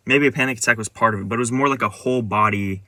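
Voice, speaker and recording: Rambling bright-voiced man recounting a dream. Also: mid-range voice, very fast, no echo. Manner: rambling, many restarts and fillers. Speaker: vlogger. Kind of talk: casual dream retelling monologue.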